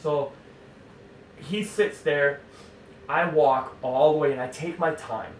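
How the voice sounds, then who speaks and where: A man tells a rambling hunting story in an animated, exasperated way, stopping often for fillers and asides. His voice sits at a middling pitch and sounds roomy, picked up from some distance, with a faint hum underneath. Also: takes it slowly. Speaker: hunting club member telling a story. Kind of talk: casual spoken anecdote.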